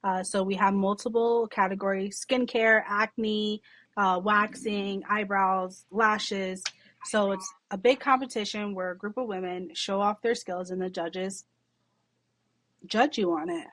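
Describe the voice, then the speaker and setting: A young woman who runs a salon, chatting casually on a podcast in a sarcastic, animated way and swearing freely. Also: medium pitch, measured pace, no room sound. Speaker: salon owner and boss.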